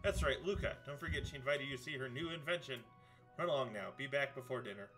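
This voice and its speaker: A man's voice: mid-range voice, quick pace, a bit bright, soft background music, close to an everyday voice. A man reading aloud a cheerful, nagging mother's lines in a video game, in a sing-song wake-up voice. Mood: warm.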